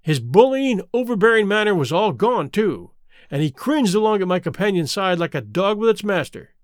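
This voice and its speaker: A man reading a classic detective story aloud as first-person narrator, expressive and clearly enunciated, close to the mic. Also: sits high, normal speed, dry recording. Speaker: audiobook reader.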